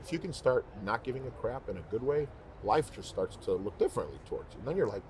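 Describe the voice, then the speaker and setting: A man's voice: mid-range voice, fast talker, slight background noise. A man who sings professionally, speaking as a guest in a casual interview chat, emphatic and heartfelt, repeating himself for stress. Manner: emphatic, animated storytelling.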